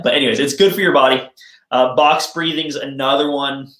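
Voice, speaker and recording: A man in the role of a chiropractor gives a casual health talk. He explains things in a friendly, self-joking way, at a middling pitch. The room adds a noticeable echo. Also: fairly quick, fairly bright tone. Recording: roomy echo.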